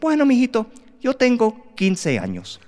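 A man's voice: very high-pitched, wildly swooping pitch, normal speed, a little mellow, voice pushed up, exaggerated voice. A storyteller voicing a fond, teasing old Cuban grandmother with a Cuban Spanish accent. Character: sweet-tempered older Cuban grandmother, coy. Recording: reverberant live stage.

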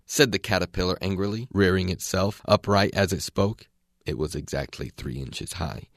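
Low-voiced man reading a storybook aloud. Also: normal speed, no echo, clean studio sound. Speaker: reader.

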